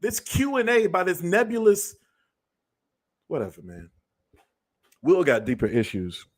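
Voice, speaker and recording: A man's voice: sits high, wildly swooping pitch, unhurried. A man hosting a show, delivering a blunt, profane commentary monologue. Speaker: show host.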